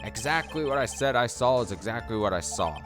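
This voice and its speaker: A man's voice: mid-range voice, lively intonation, a little fast, natural voice. A man voicing a cocky male circus clown witness in a let's play, talking in a boastful, flippant way, with game music behind. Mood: smug.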